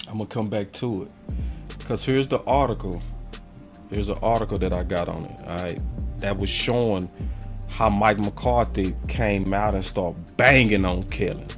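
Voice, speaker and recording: Fired-up sports stream host. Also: male voice, medium pitch, a bit bright. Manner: heated, ranting, slangy; reads articles aloud on stream. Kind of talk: live stream commentary.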